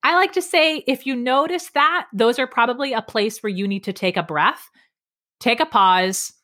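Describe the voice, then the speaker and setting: A middle-aged woman guest on a podcast, explaining speaking tips in an energetic, emphatic way, varying her pace and pitch. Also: moderate pace. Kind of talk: lively podcast interview.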